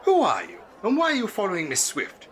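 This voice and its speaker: An actor playing an eccentric, jolly English gentleman adventurer in a comic radio play, plummy and prone to chuckling. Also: sits high, wildly swooping pitch, fairly quick, a faint crowd, a little hiss or hum, full character voice. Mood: indignant.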